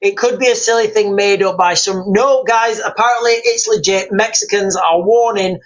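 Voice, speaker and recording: A man's voice: high-pitched, moderate pace, highs cut off. A man hosting a casual livestream, rambling and hesitant as he reads viewer comments aloud at a desk mic. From United Kingdom. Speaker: livestream host.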